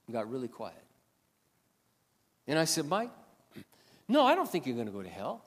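A man preaching a sermon in a storytelling way, animated and swinging between loud passages and quiet asides. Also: mid-range voice, moderate pace, long pauses, big-room sound. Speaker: pastor.

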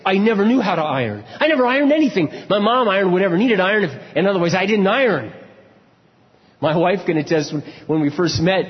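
Married man preaching in an echoey hall. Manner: storytelling, swings from low confessional murmurs to loud shouted emphasis. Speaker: pastor. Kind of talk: sermon. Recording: dull, echoey hall sound.

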